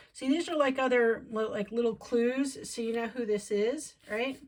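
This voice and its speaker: A woman's voice: fairly high pitch, normal speed, few pauses. Chatty woman doing a rambling tarot reading. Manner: chatty, rambling, thinking aloud. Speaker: tarot reader.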